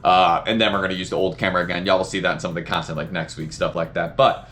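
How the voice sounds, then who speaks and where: Fast-talking Southern sneaker vlogger. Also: male voice, deep voice, flat delivery, fairly bright tone, a little hiss or hum. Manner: rambling, upbeat, lots of fillers like "right?". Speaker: sneaker reviewer. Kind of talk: casual unboxing vlog.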